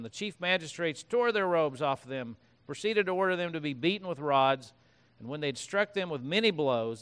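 A man's voice: fairly high pitch, a bit bright, smooth. A man preaching a sermon as pastor, reading scripture aloud and breaking off into conversational asides.

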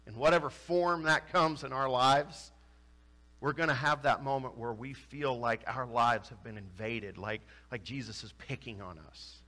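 A man's voice: mid-range voice, moderate pace. A man preaching a sermon, retelling scripture stories and acting out the voices of the people in them. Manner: animated, acts out quoted voices with rising intensity. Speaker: pastor.

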